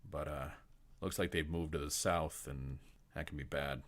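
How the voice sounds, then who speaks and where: A man doing a gruff, very deep rural townsman. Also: steady tone, normal speed, fairly bright tone. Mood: matter-of-fact.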